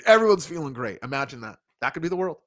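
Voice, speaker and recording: A man hosting a wrestling review show in casual chat, animated and emphatic. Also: a little high, fast talker, dry recording, studio quality. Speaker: podcast host reviewing wrestling.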